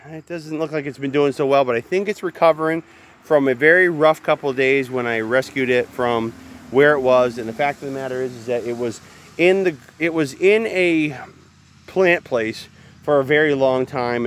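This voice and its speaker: A man's voice: medium pitch, normal speed, a little hiss or hum. A man giving a casual, chatty walk-through of his garden outdoors, often calling the viewers guys. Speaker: gardening vlogger.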